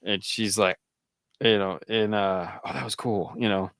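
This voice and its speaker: A man co-hosting a casual chat show, telling stories with lively quoted voices. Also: fairly low pitch, unhurried, dry recording, clean studio sound. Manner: animated storyteller, jumps into quoted voices. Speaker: podcast co-host.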